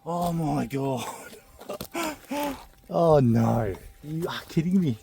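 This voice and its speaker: A man vlogging while prospecting outdoors on the goldfields, keeping his voice low with breathy exclamations. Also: huge pitch swings, very slow, warm tone, slight background noise. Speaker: gold prospector.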